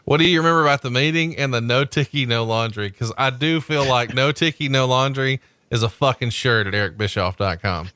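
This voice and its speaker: Male podcast co-host: bright, dry studio sound, playful and profane. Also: medium pitch, fairly quick, few pauses, smooth, dry recording. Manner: profane, teasing, reads book quotes aloud. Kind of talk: casual podcast chat.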